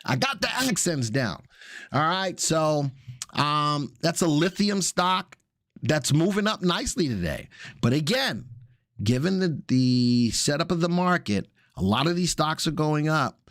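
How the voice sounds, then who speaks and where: A man's voice: on the high side, lively intonation, measured pace, a bit bright, no echo, clean studio sound. A man hosting a live stock market update, talking through charts in a casual, chatty way with jokey asides. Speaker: stock market analyst host.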